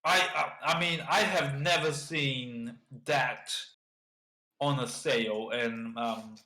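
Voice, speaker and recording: A man's voice: mid-range voice, fairly even intonation, takes it slowly, sharp tone, reverberant, low-quality recording. A man voicing an indignant male ship captain who stammers out angry questions. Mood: flustered. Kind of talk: tabletop role-play voice.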